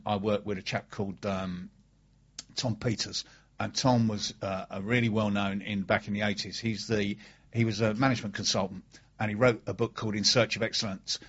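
A man's voice: on the low side, slightly rough, dull audio. A man hosting a casual radio chat show, enthusiastic and fond of telling stories. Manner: chatty, enthusiastic, storytelling.

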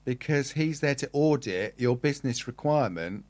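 A man's voice: mid-range voice, lively intonation, normal speed, darkish tone, no room sound. A man co-hosting a business radio show in a chatty, teasing way. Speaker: radio co-host. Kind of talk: casual radio chat.

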